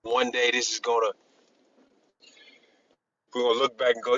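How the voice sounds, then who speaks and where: A man in a casual group discussion, talking in a rambling, halting way with many restarts and emphatic bursts. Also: mid-range voice, monotone, fairly bright tone, highs cut off. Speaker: discussion panelist.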